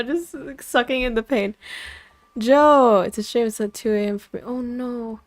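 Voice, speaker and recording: A woman's voice: fairly high pitch, steady tone, measured pace, dry recording. A young woman streaming a game live, chatting casually with her chat and reading story text aloud in a playful, talkative way. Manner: chatty, switches languages, greets chat playfully. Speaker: vtuber streamer.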